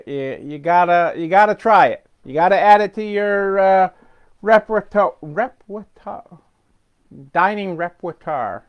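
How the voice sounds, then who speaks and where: Chatty rambling man with a high, clear voice. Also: muffled recording. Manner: chatty and rambling, with many fillers, restarts and chuckles. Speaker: host of a weekly business update. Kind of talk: casual unscripted talk.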